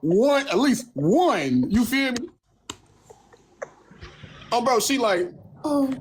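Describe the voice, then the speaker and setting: Animated young man telling a story on a phone. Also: extremely high pitch, takes it slowly, pauses often, slight background noise. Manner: animated, profane storytelling, acting out others' lines in mocking tones. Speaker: livestream host. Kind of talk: casual livestream storytelling.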